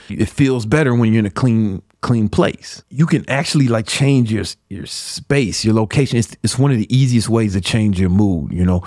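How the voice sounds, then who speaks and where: A man's voice: medium pitch, darkish tone, no echo. A man from Chicago delivers a swaggering, foul-mouthed motivational talk on a podcast, full of street slang and tough love. His voice sits in a middle register and sounds close and dry, with no room around it. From Chicago, USA. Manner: blunt, profane, slangy, swaggering. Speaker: podcast host.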